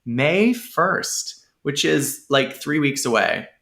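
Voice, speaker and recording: A man co-hosting a podcast in casual chat, enthusiastic and quick to jump into the news. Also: on the high side, lively intonation, creaky, bright, forceful tone. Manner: chatty and enthusiastic. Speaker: podcast co-host.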